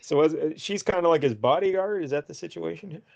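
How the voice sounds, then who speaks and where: A man co-hosting a casual comic book podcast, rambling through the story with laughs and quick character voices. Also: on the high side, gravelly. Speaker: podcast co-host.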